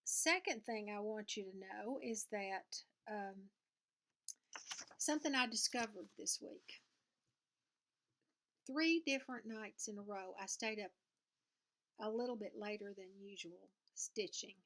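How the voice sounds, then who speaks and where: In her home sewing room, a cross-stitch vlogger, an older woman with a Southern US accent, rambles casually and folksily to the camera. Her mid-range voice is a bit bright, her pace measured, and she pauses often.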